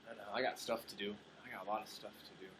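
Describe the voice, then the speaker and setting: A man's voice: lowish voice, rapid-fire, background noise. A man hosting a casual livestream, chatting playfully and muttering asides to himself while he edits clips. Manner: playful, muttering asides, lively ups and downs. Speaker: livestream host.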